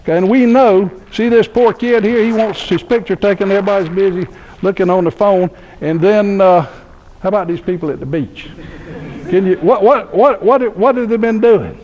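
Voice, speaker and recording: A man's voice: sits high, darkish tone, lo-fi sound. A man, telling humorous anecdotes in a folksy speech at a university event. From Georgia, US. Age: 60s. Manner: folksy anecdotal humor, laughs at own stories. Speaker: keynote speaker. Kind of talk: storytelling speech. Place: university lecture hall.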